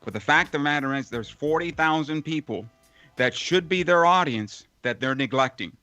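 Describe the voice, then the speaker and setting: Speaking over a call, a seasoned male radio play-by-play man reflects on interview questions, wandering through long run-on lists packed with fillers. His pitch is fairly high and his tone sharp at a normal speed, with no echo and soft music in the background.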